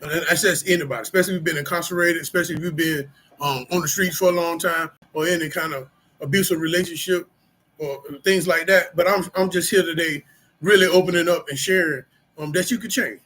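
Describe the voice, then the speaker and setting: A man's voice: on the high side, steady tone, fairly quick, sharp tone, a little hiss or hum, low-quality recording. A middle-aged man talking casually and candidly to his viewers about his past and how he has changed, rambling with lots of fillers and street slang. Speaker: vlogger sharing personal recovery. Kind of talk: casual personal talk to camera.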